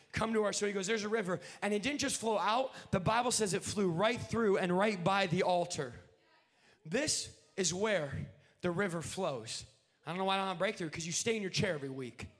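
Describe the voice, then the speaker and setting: Man, preacher, very high voice, revival sermon, sing-song shouting cadence, quiet conversational asides. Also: fairly quick. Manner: drops to low conversational asides.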